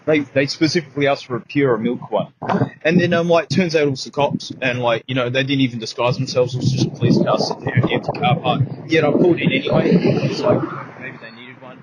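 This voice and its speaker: A man's voice: on the high side, brisk. A man with an Australian accent telling an absurd comic story in a rambling way, heavy with "like" and "mate" fillers. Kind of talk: rambling absurd comedic anecdotes. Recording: mic test with clear background noise.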